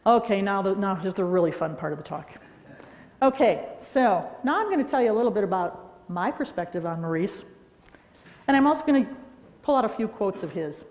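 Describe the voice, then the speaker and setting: Animated woman speaker in an echoey hall. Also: medium pitch, a little fast. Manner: animated storytelling with frequent "all right?". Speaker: conference speaker. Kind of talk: lively anecdotal talk. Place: large lecture hall.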